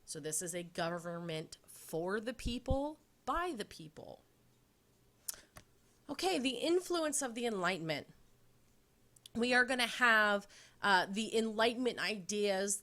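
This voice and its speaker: A woman teacher talks through a recorded lecture over slides at a middle pitch. She is upbeat and clear, and she adds simple memory tricks as she explains. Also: a bit bright.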